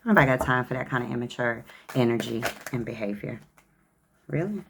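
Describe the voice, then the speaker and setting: Very deep-voiced gravelly woman tarot reader. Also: steady tone, normal speed, a little hiss or hum. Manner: sassy, chatty, calls the viewer honey and child. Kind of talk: tarot card reading to camera.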